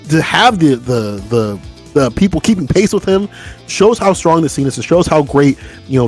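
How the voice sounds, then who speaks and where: A man doing live fighting game commentary, excitable and chatty, talking to the stream chat. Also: fairly high pitch, slightly rough. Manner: excitable, hype, talks to chat. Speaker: esports commentator.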